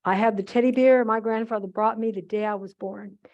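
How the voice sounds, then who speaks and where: An older woman talks warmly and loosely to an audience, and her anecdotes drift from one keepsake to the next. She breaks off mid-phrase and corrects herself often. Her voice is soft and dark, and the archive recording sounds a little muffled. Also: medium pitch, steady tone, brisk. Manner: rambling, fond, frequent asides and self-corrections. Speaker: guest speaker at a museum holiday event. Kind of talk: chatty anecdotal talk to an audience.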